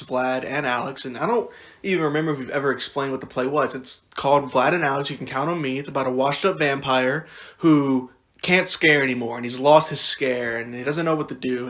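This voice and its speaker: A young man co-hosting a podcast, chatting casually in an animated way, rambling with frequent restarts. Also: mid-range voice. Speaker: podcast co-host. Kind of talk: casual chat.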